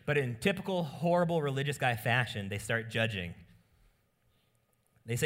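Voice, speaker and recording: A male pastor preaching a sermon in an emphatic style, asking rhetorical questions and swinging from soft asides to loud emphasis. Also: medium pitch, big pitch swings, measured pace.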